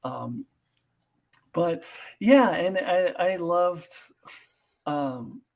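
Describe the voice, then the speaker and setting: A man talks through a TV episode in a relaxed live chat, with a voice sitting a touch high. He sounds enthusiastic and laughs often, and he restarts his sentences as the thoughts come. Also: extremely slow, gravelly, low-quality recording. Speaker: co-host of a TV discussion. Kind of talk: casual chat reviewing a TV episode.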